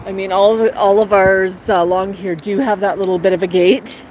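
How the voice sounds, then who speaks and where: A woman's voice: medium pitch, steady tone, moderate pace, darkish tone, poor audio. A woman hosting a casual phone livestream outdoors, chatting with viewers and coaxing her parrots in a playful sing-song. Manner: chatty, coaxing baby talk to her birds. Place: outdoor patio in the shade. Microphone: cell phone. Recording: outdoor phone audio with faint traffic.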